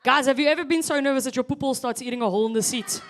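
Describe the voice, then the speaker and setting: A woman's voice: sits high, racing, slight background noise. A South African woman in her thirties performing a chatty stand-up set, teasing the audience. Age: 30s. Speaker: stand-up comedian.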